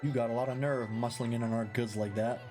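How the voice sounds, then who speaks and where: A man's voice: medium pitch, fairly even intonation, fast, natural voice. A man doing a brash, cocky little sidekick. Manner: brash, pushy. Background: game music.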